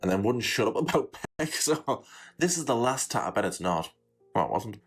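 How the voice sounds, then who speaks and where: A man's voice: mid-range voice, big pitch swings, normal speed, husky, faint music behind. A man giving casual, sarcastic reaction commentary with dry jokes.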